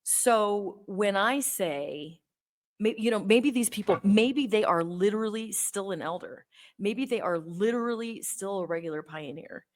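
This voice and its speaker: A woman's voice: mid-range voice, unhurried. A woman hosting her own channel, earnestly explaining her points one by one to the camera. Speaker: host.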